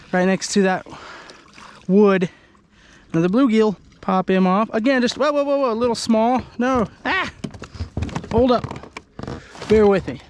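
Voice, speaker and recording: A man from Idaho giving excited, chatty commentary to the camera while fishing from a kayak on a lake. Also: fairly high pitch. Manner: excitable, exclaiming, chatty with viewers. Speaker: fishing vlogger. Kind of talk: casual outdoor commentary to camera. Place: kayak on an open lake outdoors. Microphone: handheld camera.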